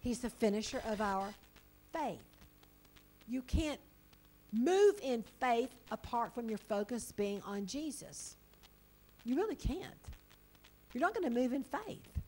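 A woman preaching a sermon, chatty and animated, laughing often as she reads and explains scripture. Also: fairly high pitch, slow, pauses often, slight background noise, low-quality recording.

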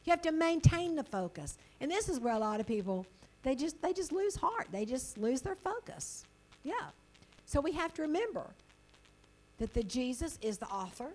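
A woman preaching a sermon, chatty and animated, laughing often as she reads and explains scripture. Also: high-pitched, moderate pace, rough recording.

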